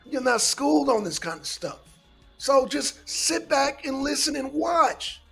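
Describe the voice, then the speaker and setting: A man's voice: very high voice, sing-song, a little slow, creaky, pushed and bright, soft background music. A man hosting a casual political commentary show, lecturing his listeners emphatically and swearing often.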